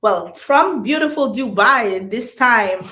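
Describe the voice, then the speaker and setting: A woman from Jamaica, hoarse from losing her voice, chatting as a guest in a bubbly, playful way. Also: fairly high pitch, animated, takes it slowly, pushed and bright, echoey room. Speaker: guest entrepreneur. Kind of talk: casual chat.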